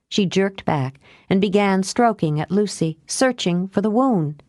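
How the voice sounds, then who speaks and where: Slow, measured woman narrating a novel. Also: mid-range voice, lively intonation, darkish tone, no echo, studio quality. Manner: measured, unhurried. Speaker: audiobook narrator. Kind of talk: scripted narration.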